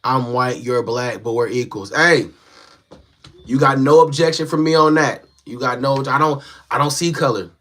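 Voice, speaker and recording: A young man chatting casually on a live stream from a small home setup, reading and answering viewer comments in a relaxed, slangy way. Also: medium pitch, moderate pace. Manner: laid-back, slangy, talks straight to viewers. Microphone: phone.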